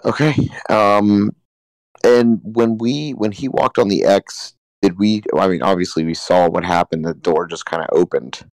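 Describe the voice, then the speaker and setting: Low-voiced hesitant male player. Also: measured pace, a little mellow, no echo, poor audio. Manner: hesitant, many restarts. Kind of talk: casual tabletop play chat.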